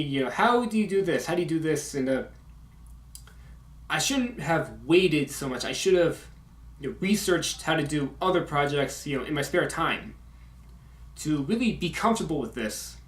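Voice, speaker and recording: A young man giving a casual video update, halting with many fillers and sharp S sounds. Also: fairly high pitch, animated. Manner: strong S sounds. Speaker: YouTube video maker. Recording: echoey room.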